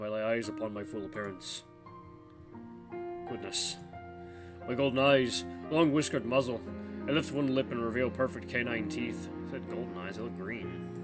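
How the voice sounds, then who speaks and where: A man hosting a gaming channel, reading an interactive story game aloud in the first person and stopping to comment. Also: mid-range voice. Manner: first-person narration of the hero, breaks off to laugh and comment.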